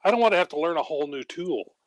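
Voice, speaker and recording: A man's voice: a little high, animated, racing, dry recording. An older man chatting as a guest over a tablet video call, making dry, matter-of-fact quips. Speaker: guest comic artist. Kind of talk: casual video-call chat.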